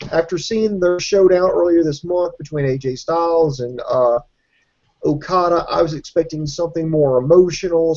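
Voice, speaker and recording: A man co-hosting a wrestling show, reviewing a match in a measured, hesitant way with frequent fillers. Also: a little high, mellow, highs cut off. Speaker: wrestling podcast co-host.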